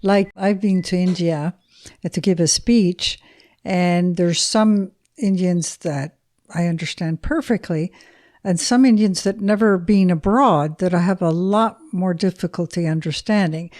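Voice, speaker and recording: A woman's voice: on the low side, a little slow, a little mellow. A woman interviewer asking questions and sharing an anecdote in a conversational way.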